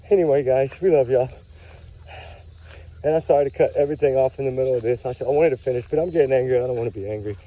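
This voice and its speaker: A man, rambling in a casual, folksy vlog chat outdoors in the woods, hot and sweaty from a long walk. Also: mid-range voice. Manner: folksy, chatty, repeats warm sign-offs. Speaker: true-crime vlog host. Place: outdoors by a creek bank in the woods. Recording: dull lo-fi phone audio.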